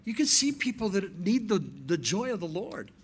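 A male pastor preaching a sermon, animated, telling stories and acting out dialogue. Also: sits high, moderate pace, slightly rough.

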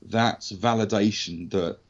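A man's voice: fairly low pitch, steady tone, slow pace, dull audio. A man with an English accent, an actor telling a long story in casual podcast chat, with frequent ums and self-corrections. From England. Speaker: actor guest.

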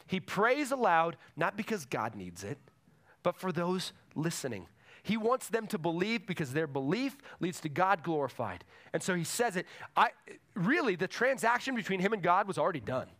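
A man's voice: high-pitched, very animated, normal speed, a bit bright. A man preaching a sermon to a congregation in a church, emphatic and repeating his key phrases. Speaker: pastor.

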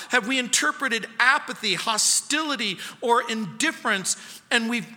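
High, bright-voiced middle-aged man preaching. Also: long reverb tail. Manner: emphatic preaching, swings between loud and hushed. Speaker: pastor. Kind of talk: expository sermon. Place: church sanctuary.

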